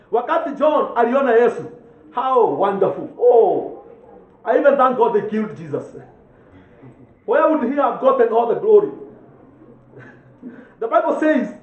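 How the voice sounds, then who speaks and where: A man with a Kenyan accent preaching a sermon as pastor, fervent, with frequent chuckles and mixed languages. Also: extremely high pitch. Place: church. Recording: echoey church with tinny phone-like sound.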